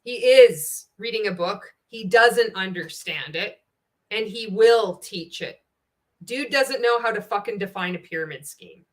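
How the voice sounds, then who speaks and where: A woman's voice: medium pitch, lively intonation, measured pace. A woman giving a sarcastic, profane commentary, laughing often as she picks apart a video. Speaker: anti-MLM commentator. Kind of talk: casual ranting commentary.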